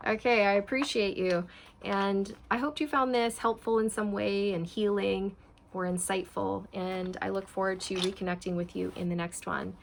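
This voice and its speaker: A woman's voice: mid-range voice, fairly even intonation, normal speed, gravelly. A woman doing a casual tarot reading. She talks straight to her viewers in a chatty, repetitive way. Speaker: tarot reader.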